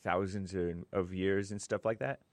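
A man's voice: deep voice, fairly even intonation, moderate pace, no echo. A man chatting casually as a churchgoing layman, rambling and hesitant, with fillers and self-corrections. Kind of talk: casual conversation.

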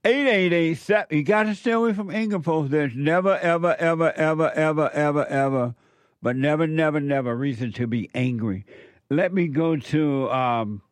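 A man hosting a call-in radio show, giving slow, repetitive advice to callers. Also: a little high, no echo.

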